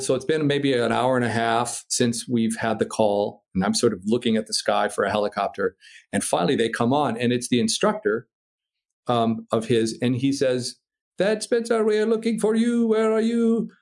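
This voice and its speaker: American man, casual storytelling, profane, animated, mimics sounds. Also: mid-range voice, moderate pace. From United States. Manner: animated, profane, acts out voices and sound effects.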